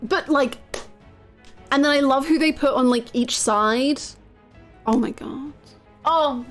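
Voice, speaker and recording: A woman's voice: high voice, steady tone, slow, long pauses, soft background music. A woman live-streaming, chatting casually with her viewers, gushing and swearing freely. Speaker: game streamer.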